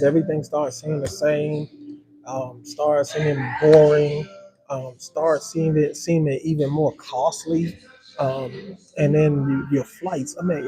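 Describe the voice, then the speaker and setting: A man's voice: on the high side, rough recording. A man hosting a casual livestream, rambling easily and talking straight to his viewers, with in his speech. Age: adult with a hundred-year-old grandmother. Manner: relaxed, rambling, talks to viewers as y'all. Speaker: live-stream host.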